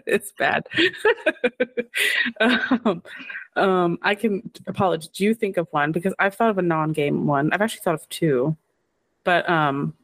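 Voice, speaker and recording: A woman's voice: sits low, no room sound. A woman co-hosting a casual podcast chat, giggly and rambling after some wine. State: tipsy from wine. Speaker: podcast co-host.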